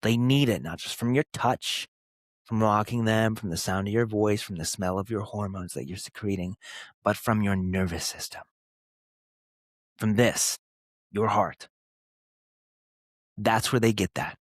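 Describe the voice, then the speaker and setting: A man in his thirties hosting a podcast, speaking earnestly and emphatically in short, punchy phrases with pauses. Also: on the low side, dry recording, clean studio sound. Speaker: podcast host. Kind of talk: motivational podcast monologue.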